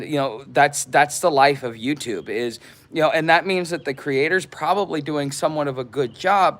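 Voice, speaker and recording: Rambling, halting man talking to camera. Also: medium pitch. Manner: rambling, halting, many fillers and restarts. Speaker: vlogger. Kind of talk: casual unscripted monologue.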